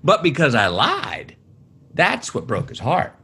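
A husky-voiced man recalls his upbringing in conversation. His pitch leaps and dips as he acts out relatives, and between quotes he stops and restarts sentences while he searches for words. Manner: halting, many restarts, animated quoting of family. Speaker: interview guest, author. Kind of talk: conversational storytelling.

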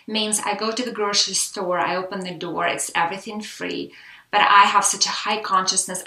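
Animated Russian-accented woman telling her story. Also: medium pitch, roomy sound, low-quality recording. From Soviet Union. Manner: animated storyteller, acts out quotes. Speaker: guest. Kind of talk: casual interview chat.

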